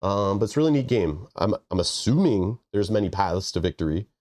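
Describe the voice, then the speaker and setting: A man's voice: lowish voice, animated, brisk, darkish tone. A stuffy, nasal-sounding man rambling casually while hosting a live stream and thanking his viewers. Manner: rambling, joking asides. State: congested, nasal. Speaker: livestream host.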